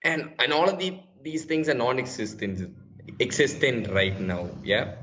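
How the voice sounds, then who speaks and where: A man's voice: medium pitch, animated, unhurried, a bit bright, highs cut off. A man from Kerala with an Indian English accent, chatting casually as a podcast guest, often repeating words and restarting sentences. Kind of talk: casual conversation.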